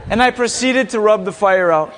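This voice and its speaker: A young man with a high voice giving a storytelling sermon. He talks in an animated way, acting out quoted lines with shouts and laughter before settling into prayer. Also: normal speed, a faint crowd, a little hiss or hum. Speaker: speaker at a school chapel.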